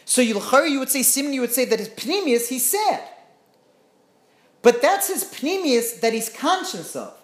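A woman teaching through a story in an animated way, often checking in with her listeners. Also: high-pitched, moderate pace. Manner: animated, often asks "right?". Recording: roomy echo.

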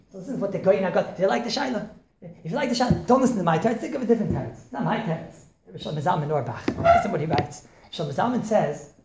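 A man, a rabbi, giving an informal holiday talk, animated, firing rhetorical questions and joking with listeners. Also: high-pitched. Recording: echoey room with faint noise.

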